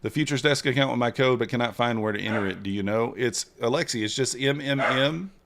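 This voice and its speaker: A man hosting a casual trading livestream, chatting with viewers and reading their messages in a relaxed way. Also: mid-range voice, fairly quick, gravelly, noisy background.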